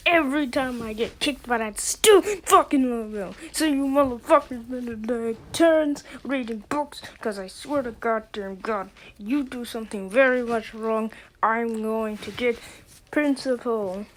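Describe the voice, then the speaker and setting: A woman voicing a furious, foul-mouthed schoolteacher who yells and threatens her class. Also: a little high, measured pace, a little hiss or hum, natural voice. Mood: raging. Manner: yelling, swearing, threatening.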